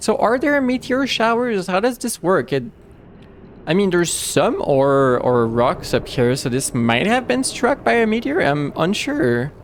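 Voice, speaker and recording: A man's voice: fairly high pitch, sing-song, a little hiss or hum. A man streaming a game live, chatting casually and rambling with many restarts and fillers. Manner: rambling, halting with frequent restarts.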